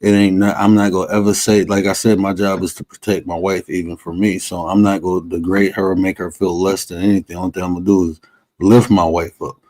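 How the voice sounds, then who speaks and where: A man's voice: low voice, flat delivery, brisk, a little mellow, no room sound, poor audio. A man co-hosting a podcast, talking in a blunt, emphatic, slangy way in casual chat. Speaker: podcast co-host.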